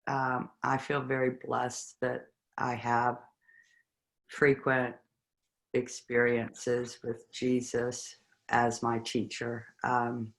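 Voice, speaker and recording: Flat, monotone, halting, reflective, spiritual study group sharing. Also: mid-range voice, creaky. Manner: reflective and halting, with pauses between words. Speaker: group discussion participant.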